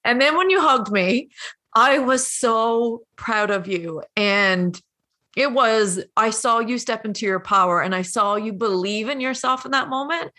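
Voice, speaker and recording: Brief: woman coach, bright forceful voice, encouraging and emotional, near tears. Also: a little high, unhurried. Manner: warm, encouraging, tearful at times. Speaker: coach and host. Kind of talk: emotional conversation.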